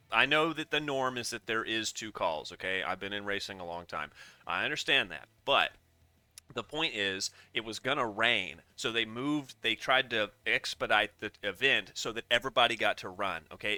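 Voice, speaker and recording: Bright-voiced man ranting sarcastically. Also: lowish voice, no echo. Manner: rambling, sarcastic, gets worked up. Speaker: commentator reacting to a video. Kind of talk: casual profane reaction commentary.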